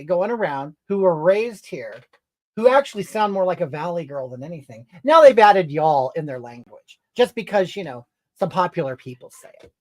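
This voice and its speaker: A woman's voice: lowish voice, darkish tone. A woman playing a brash, touchy middle-aged livestreamer who answers viewer comments in a sassy, rambling way, tagging on "okay?" and "honey". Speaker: livestream comedy character. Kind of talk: character livestream reading comments.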